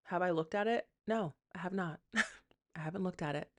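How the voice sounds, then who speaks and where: A woman's voice: on the low side, moderate pace, fairly bright tone. A woman hosting a solo podcast, talking frankly and rambling in a self-deprecating way, often quoting her own inner thoughts and swearing casually. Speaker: podcast host. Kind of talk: candid solo podcast monologue.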